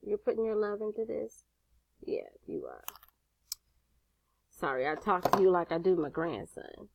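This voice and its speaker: A woman's voice: mid-range voice, big pitch swings, unhurried, pauses often, dry recording. A woman with a grandson, sassy and chatty, walks viewers step by step through a craft tutorial and swears casually. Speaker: jewelry-making instructor.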